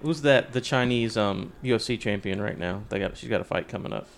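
A man in a casual group chat, quick and matter-of-fact. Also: fairly low pitch, vocal fry, over a noisy crowd.

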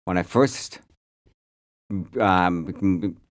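A man from upstate New York with a softened regional accent, co-hosting a podcast in casual, wry, rambling chat. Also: sits low, extremely slow. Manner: wry, rambling, mock-grumpy. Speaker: podcast co-host.

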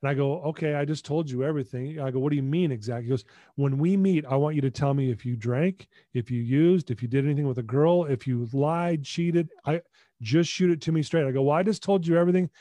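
A man's voice: a little high, quick pace, no room sound. A middle-aged man telling a personal story as a podcast guest, acting out dialogue and often restarting and repeating words. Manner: animated retelling with acted-out dialogue.

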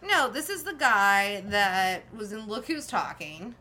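A woman's voice: mid-range voice, big pitch swings, a little slow, bright, forceful tone. A woman hosting a podcast in casual chat, chatty and loose with frequent fillers, laughing easily. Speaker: podcast host.

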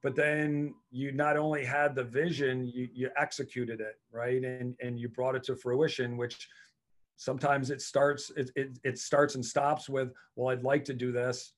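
Earnest college coach talking shop. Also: male voice, mid-range voice, flat delivery, a little slow. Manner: earnest, often repeats words as he thinks. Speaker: head lacrosse coach, podcast guest. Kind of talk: casual interview talk.

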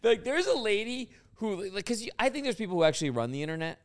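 A young man trading jokes on a casual podcast, laughing through his lines as he spins out absurd scenarios. His voice is smooth and resonant and sits a little high. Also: big pitch swings, fast. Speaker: podcast co-host. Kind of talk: casual comedic chat.

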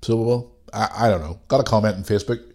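A man's voice: lowish voice, quick pace, a little mellow. Sweary man with a cold. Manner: ranting, sweary, loose and rambling. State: has a cold. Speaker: podcast host. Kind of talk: casual solo podcast rant.

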